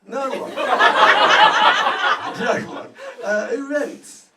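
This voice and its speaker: Man, stand-up comic, high-pitched, swearing, rowdy crowd banter, distant mic, room noise. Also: expressive, moderate pace, reverberant. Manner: loud, swearing, crowd-work banter with many "right?" tags. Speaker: stand-up comedian. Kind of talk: stand-up comedy set. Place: comedy venue before a laughing audience.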